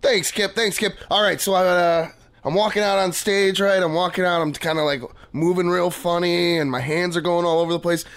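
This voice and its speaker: A man's voice: high voice, steady tone, fairly quick, a bit bright. An actor playing a clueless young stand-up comic who rambles eagerly through his act as a radio guest. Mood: eager, rambling. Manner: rambling, eager, laughs at his own jokes. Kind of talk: comedy sketch acting. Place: radio studio.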